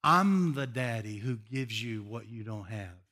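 A man voicing God as a tender heavenly father, speaking slowly, softly and low. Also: animated. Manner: slow, soft and low.

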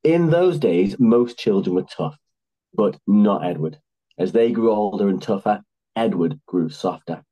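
A man's voice: on the low side, expressive, unhurried, warm tone, husky, highs cut off. A man narrating a comic story with dry, wry asides.

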